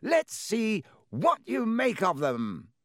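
A man voicing a flamboyant, vain male wizard teacher who bluffs his way through, in a grand, theatrical, drawn-out manner. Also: high-pitched, wildly swooping pitch, fairly bright tone, dry recording, clean studio sound, pitched above the performer's own voice, full character voice. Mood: breezy.

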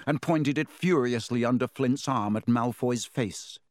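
A man narrating an audiobook with expressive, clear storytelling into a close mic. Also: medium pitch, measured pace, no room sound.

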